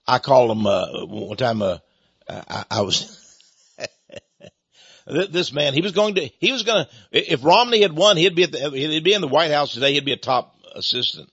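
A man's voice: a little high, lively intonation, normal speed, fairly bright tone, husky, no room sound, dull audio. A man from East Texas, hosting a radio talk show and giving a rambling, sarcastic opinion monologue in a folksy way.

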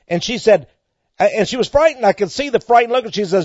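A man with a Texan accent preaching a fervent sermon, swelling loud on key words and repeating himself. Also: high voice, animated, a little fast, breathy edge, no room sound. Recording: dry, muffled lo-fi recording.

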